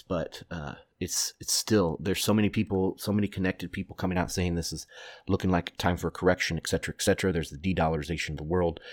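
A man in his thirties talks alone into the mic with a very low voice. He is blunt and opinionated, swears freely, and rambles through restarts. The recording is dry, with no room sound. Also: dry recording. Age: 30s. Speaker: podcast host. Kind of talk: solo commentary podcast.

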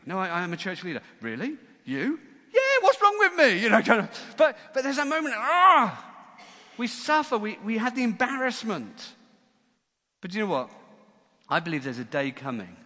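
A man preaching a sermon as church leader, lively and acting out the voices in a Bible story. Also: mid-range voice. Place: church hall. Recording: long church-hall reverb.

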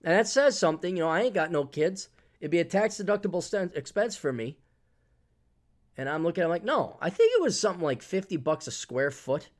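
A man's voice: on the high side, expressive, a little fast. A man hosting a podcast in a casual monologue, ranting sarcastically and acting out mock quotes. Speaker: podcast host.

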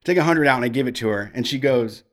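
A man's voice: mid-range voice, fast. Profane rambling man telling stories. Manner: frank and profane, rambling with restarts. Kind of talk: casual storytelling.

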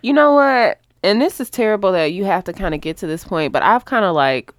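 A woman co-hosting a casual podcast, chiming in with quick, wry comments. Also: medium pitch, expressive, dry recording, clean studio sound. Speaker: podcast co-host. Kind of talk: casual chat.

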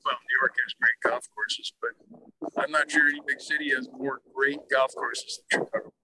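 An older man from the American Midwest, a guest author telling lively anecdotes in an interview and acting out the quotes. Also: medium pitch, moderate pace, noisy background. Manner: lively anecdotal storyteller who acts out quotes. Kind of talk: storytelling in an interview.

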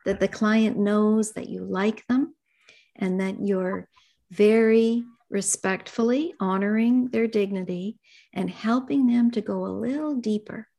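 A middle-aged woman therapist being interviewed, speaking gently and reflectively about her work. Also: medium pitch, fairly even intonation, measured pace, vocal fry. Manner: gentle, reflective, speaks in soft asides and acted client dialogue. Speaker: therapist and author, guest. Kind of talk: conversational interview.

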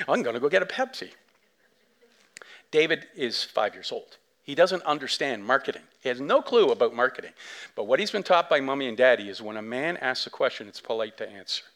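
A man preaching a sermon as pastor, telling a story in a chatty way with lots of asides, dropping to a hush and then swelling to near shouts. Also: mid-range voice. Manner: animated storytelling, big swings from soft to loud; conversational, many fillers and asides.

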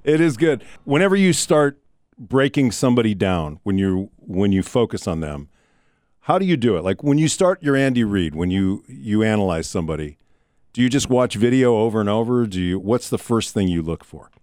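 A male radio host chats and asks follow-ups, his pitch moving a lot as he talks. The sound is close and dry. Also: very animated, moderate pace, darkish tone, no room sound. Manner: chatty, asks follow-up questions. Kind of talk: casual radio interview.

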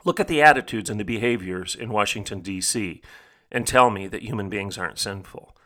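A middle-aged podcast host gives an emphatic, rhetorical monologue in a preaching style, repeating phrases for stress. His voice is fairly low and fairly bright, and he talks briskly.

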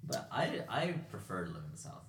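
A man from Mississippi co-hosting a podcast, chatting casually with relaxed, stop-start phrasing. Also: low voice, a little fast, echoey room, slight background noise. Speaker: podcast co-host.

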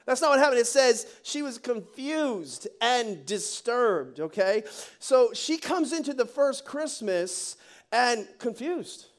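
High-voiced, animated male preacher. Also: slow. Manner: animated, joking, conversational preaching. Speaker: pastor. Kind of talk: sermon.

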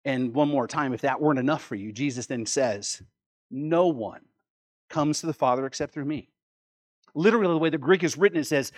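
A man with a fairly high voice preaching a sermon. He is emphatic, repeats key words and asks rhetorical questions. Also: a little mellow. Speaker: pastor.

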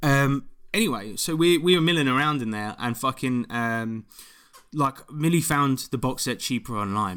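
A man's voice: medium pitch, lively intonation, fairly quick, a bit bright. A man, ranting animatedly and swearing often in a casual chat. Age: 20s.

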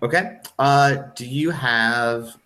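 Slow, hesitant male game master. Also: medium pitch, bright, forceful tone. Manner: hesitant, full of ums and restarts. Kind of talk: narrating a tabletop game.

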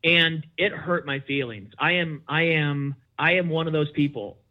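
In a muffled recording, a middle-aged man guesting on a podcast relates a candid personal story at normal speed. He performs the quoted conversations animatedly, his pitch jumping sharply between voices.

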